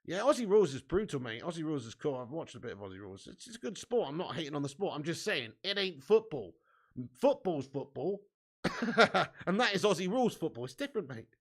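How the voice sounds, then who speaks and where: A man hosting a live football watch-along, excitably commentating and reading out viewer comments with casual swearing. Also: fairly high pitch, a little fast.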